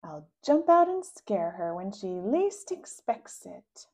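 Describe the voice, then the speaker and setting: A woman reading a children's book aloud, voicing the child narrator with sudden high, loud outbursts. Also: sing-song, takes it slowly. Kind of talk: read-aloud storytelling.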